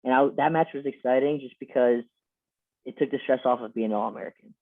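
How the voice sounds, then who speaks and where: A man's voice: medium pitch, quick pace, dry recording. A man in his twenties, a former college wrestler, telling stories in a casual, loose way, repeating words and filling with "like" and "you know.". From Lehigh Valley, Pennsylvania. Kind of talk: casual interview storytelling. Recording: dry, tinny phone-like audio.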